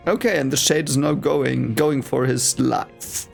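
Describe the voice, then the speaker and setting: A gravelly-voiced man chatting about a book. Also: mid-range voice, normal speed, hardly any pauses, soft background music. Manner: chatty, laughing asides and playful commentary. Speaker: reader reacting to a novel. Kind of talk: casual reading reaction.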